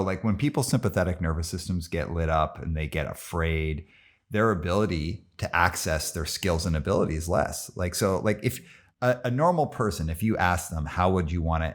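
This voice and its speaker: A man with a very low voice hosts a conversational podcast interview. He speaks in animated bursts and sometimes mimics imagined voices to make a point. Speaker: podcast host.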